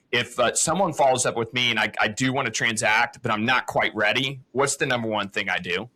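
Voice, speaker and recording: A man's voice: lowish voice, bright, forceful tone, poor audio. A man co-hosting a podcast, giving encouraging coaching advice in an easy explaining way. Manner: encouraging, explains with "it's like" and "uh" fillers. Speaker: podcast co-host.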